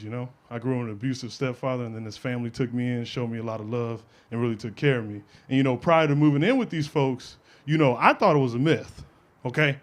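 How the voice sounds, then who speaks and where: A man's voice: mid-range voice, slight background noise. A young adult man performing a brash, profane stand-up routine on a comedy stage, working the crowd. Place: comedy stage with a live audience laughing.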